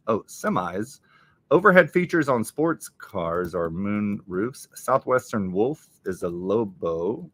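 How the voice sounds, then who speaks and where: A man's voice: on the low side, fairly bright tone. A man hosting a live stream, reading crossword clues aloud and muttering his guesses as he solves. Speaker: livestream host solving a crossword. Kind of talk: casual live-stream puzzle solving.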